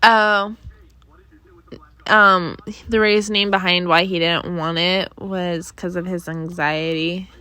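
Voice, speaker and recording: A woman's voice: on the low side, fairly even intonation, slow, pushed and bright, clean tone, no echo. A young woman hosting her own podcast, rambling through the week's news in casual chat with many fillers and sighs, bothered by allergies. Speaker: podcast host.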